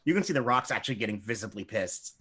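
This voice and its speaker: A man co-hosts in casual chat with a lively, swooping pitch. His bright voice carries loose, hedging opinions. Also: fast talker, breathy edge. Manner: animated, hedging with "like". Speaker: podcast co-host.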